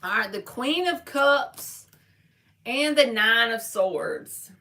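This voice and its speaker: A woman's voice: a little high, lively intonation, slow pace, sharp tone. A woman giving a live-stream tarot reading, talking casually and straight to her viewers in slangy everyday speech. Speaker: tarot reader.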